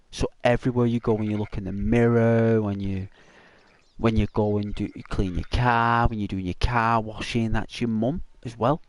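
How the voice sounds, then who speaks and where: Gentle rambling man. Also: lowish voice. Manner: gentle, rambling, halting with many fillers. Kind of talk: consoling casual chat.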